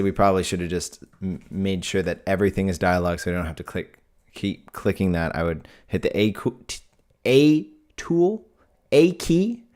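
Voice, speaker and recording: A man's voice: low-pitched, darkish tone. A man hosting a live video editing tutorial, talking casually and thinking aloud as he works.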